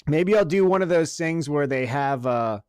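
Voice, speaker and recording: Smooth-voiced man in casual sports banter. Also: on the high side, lively intonation, moderate pace, darkish tone, no echo, clean studio sound. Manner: profane, joking, storytelling. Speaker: podcast co-host.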